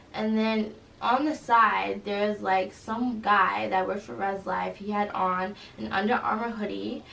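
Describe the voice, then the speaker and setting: A young woman, a college student, recounting an incident in an interview, halting and full of fillers. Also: mid-range voice, gravelly, fairly bright tone. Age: young adult. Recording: roomy echo, distant mic, faint noise.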